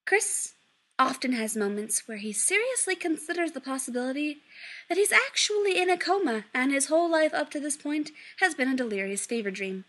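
A woman narrating a story aloud in an expressive, lively reading. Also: high-pitched.

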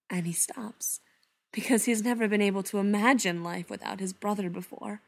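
A woman reading a story aloud, softly and unhurriedly, often dropping to a hush. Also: medium pitch, creaky. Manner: soft, unhurried, often hushed. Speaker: reader. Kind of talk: storybook narration read aloud.

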